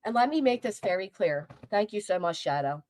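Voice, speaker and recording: A middle-aged woman with a Philadelphia accent, hosting a livestream and ranting loudly with abrasive, profane anger. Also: mid-range voice, lively intonation, brisk. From Philadelphia, USA. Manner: loud, abrasive, profane, angry. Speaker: livestream host. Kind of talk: heated livestream rant.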